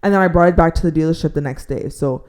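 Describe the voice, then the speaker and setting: Exasperated young woman ranting, mellow voice. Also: low voice, quick pace. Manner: exasperated, heavy use of "like", drops to a near-whisper to avoid shouting. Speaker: storytime vlogger. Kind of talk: casual storytime rant.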